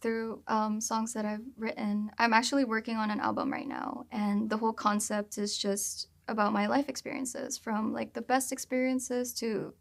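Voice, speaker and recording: A woman's voice: a little high, normal speed, gravelly, hardly any pauses. A young adult woman, a singer-songwriter, talking casually about her song and filling her sentences with "like". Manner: chatty, leans on "like" as filler.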